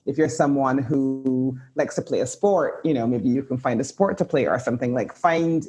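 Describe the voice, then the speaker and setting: A woman's voice: very deep voice, moderate pace, mellow. A woman, an author and writing coach, giving reflective advice as a podcast guest, with a lot of "like" and "you know". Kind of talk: casual conversational interview.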